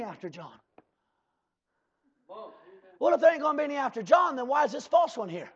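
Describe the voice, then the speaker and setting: A man preaching a fiery sermon, breaking into shouts and slow drawled asides and calling out to the congregation. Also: very high voice, sing-song. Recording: dull lo-fi church recording.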